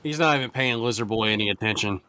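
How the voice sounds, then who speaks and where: A man narrating as game master of a tabletop game, lively and quick to laugh. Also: lowish voice, clean tone.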